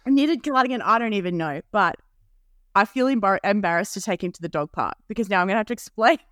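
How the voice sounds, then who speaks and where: A woman's voice: medium pitch, expressive, fast talker, a bit bright, no echo, studio quality. A woman co-hosting a podcast, telling a story in casual chat and laughing often. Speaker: podcast co-host.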